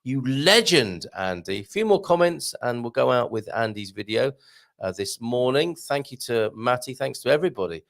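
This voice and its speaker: A man hosts a live online show and reads out viewer comments. He talks in a lively, up-and-down way with a gravelly edge to his voice. He is jokey and laughs often, tripping over words as he goes. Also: medium pitch. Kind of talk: live-stream chat reading viewer comments.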